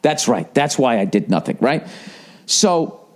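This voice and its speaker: A man's voice: mid-range voice, big pitch swings, unhurried, darkish tone. A man comedian rambling through a story, profane, exasperated and sarcastic. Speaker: comedian and podcast host.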